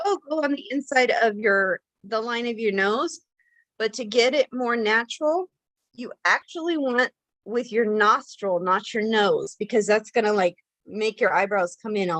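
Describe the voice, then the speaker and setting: A woman with a somewhat high voice walks viewers through a makeup how-to in a loose, chatty way. She rambles, restarts and fills gaps with "you know" and "like". The sound is close and dry, with little room around it. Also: a bit bright, dry recording, low-quality recording. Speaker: makeup tutorial host. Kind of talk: casual how-to demonstration.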